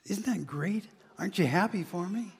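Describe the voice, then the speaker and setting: In a large hall, a man performs a first-person monologue as a formerly blind beggar, eager and joyful, speaking haltingly with restarts and repeated words between excited exclamations. He uses a full character voice that sits high, creaky and slightly rough.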